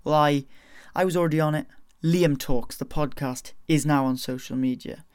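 A man's voice: on the high side, steady tone, normal speed, smooth, no echo. A man hosting his own podcast, chatting casually with self-mocking, rambling asides. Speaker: podcast host.

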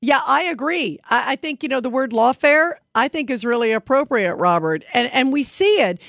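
A woman's voice: sits high, animated, normal speed, gravelly, fairly bright tone, no echo, studio quality. A woman hosting a political call-in radio show, emphatic and opinionated, often stumbling over her first word. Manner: emphatic and opinionated, with frequent stutter-starts. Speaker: radio talk show host.

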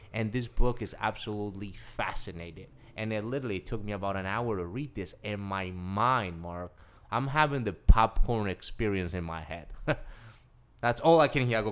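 Guy guesting on a show, excitable storyteller, acts out the quotes, kinda lowish voice. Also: normal speed, clear, resonant tone. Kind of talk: animated personal storytelling.

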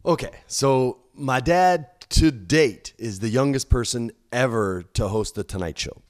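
A man's voice: a little slow, no echo, clean studio sound. A middle-aged man telling stories in casual chat, acting out quoted voices with big jumps and swearing freely. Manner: animated, acts out quotes with big pitch jumps, frequent swearing. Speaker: podcast guest.

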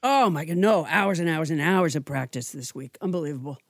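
A woman's voice: low-pitched, lively intonation, a little fast, no room sound, studio quality. A woman hosting a comedy podcast, playfully singing and rhyming silly word definitions and bantering with her co-host. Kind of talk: casual comedy podcast chat.

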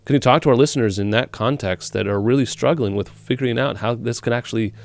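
A male radio host and minister asking a long, thoughtful question in measured, halting phrasing. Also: mid-range voice, creaky, dry recording. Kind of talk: interview question.

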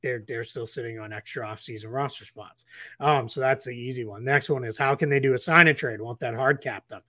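A man's voice: mid-range voice, a little fast, sharp tone, dry recording, studio quality. A man co-hosting a casual basketball podcast, rambling with restarts and fillers. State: getting the hiccups. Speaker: podcast co-host analyst.

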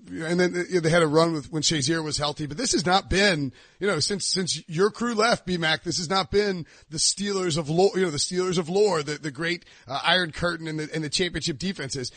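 A man's voice: fairly high pitch, a bit bright, dry recording. A man hosting a sports radio show, joking sarcastically at his own expense and asking questions. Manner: sarcastic and self-mocking. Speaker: radio host. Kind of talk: casual sports talk.

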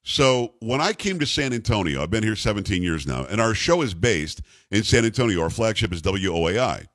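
A radio talk show host, a man with a bass voice, spinning a story in a lively, swooping delivery and slipping into voices for its characters. He is heard on a studio mic with dry, close sound. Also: brisk, dry recording. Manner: animated, jokey, puts on voices for the people in his stories. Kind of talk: casual on-air storytelling. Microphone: studio microphone.

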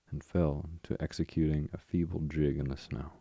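A man narrates a bedtime story in a calm, even reading. His voice is very low and dark, with little movement in pitch. The sound is close and dry. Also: moderate pace, husky, no echo. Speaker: podcast host and reader.

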